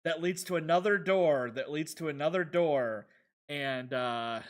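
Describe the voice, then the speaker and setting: Playing a retro video game on stream, this man speaks in a slightly high voice at an unhurried pace. His casual commentary wanders, half self-talk and half chat with the people watching.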